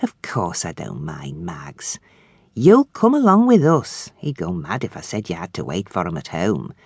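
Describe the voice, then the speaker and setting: Give me a woman voicing a weary middle-aged mother in a storybook, plain and low. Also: wildly swooping pitch, unhurried, a little mellow, slightly rough, no room sound, studio quality, exaggerated voice.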